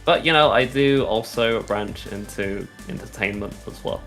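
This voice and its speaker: A man's voice: on the low side, normal speed, a bit bright, soft background music. A young man, a content creator, chatting as a podcast guest in a rambling, friendly way with many fillers. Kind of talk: casual podcast interview.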